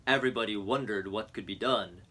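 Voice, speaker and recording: A man, a teacher, reading a children's picture book aloud to his students in an expressive storytelling voice. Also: lowish voice, fairly quick, husky.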